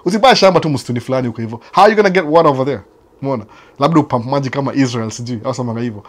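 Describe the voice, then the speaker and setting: A man's voice: mid-range voice, very fast. A man from Kenya with a Kenyan accent, hosting a casual chat that answers viewers, mixing Swahili and English and often repeating his phrases. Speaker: host. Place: United States.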